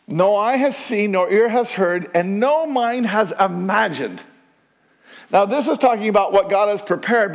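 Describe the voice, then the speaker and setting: A man preaching a sermon to his congregation in an animated, conversational way, with asides to the audience. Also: sits high, in a large hall. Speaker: pastor.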